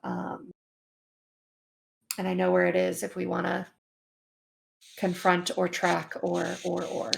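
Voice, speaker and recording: Gravelly-voiced woman playing a tabletop game. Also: lowish voice, monotone, slow, pauses often, slight background noise. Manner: chatty, thinking aloud. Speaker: player.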